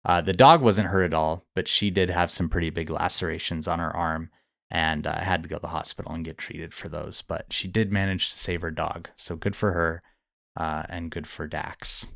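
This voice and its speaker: A man's voice: sits low, steady tone, normal speed, creaky, a bit bright, no room sound, clean studio sound. A man co-hosting a podcast, casually retelling a news story with easy laughs. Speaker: podcast co-host. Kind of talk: casual chat.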